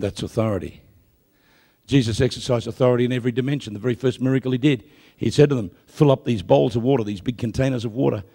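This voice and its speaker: A man preaching a live sermon, telling stories with jokes and building to loud proclamations. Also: mid-range voice. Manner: lively storytelling with jokes, rising to loud proclamation. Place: church or hall with a live audience.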